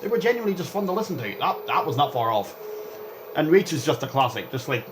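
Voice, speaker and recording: A young man rambling through gameplay commentary as a vlogger, chatty and excitable, jumping between topics and reacting aloud to the game. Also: a little high, fast talker, background noise. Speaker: gaming vlogger.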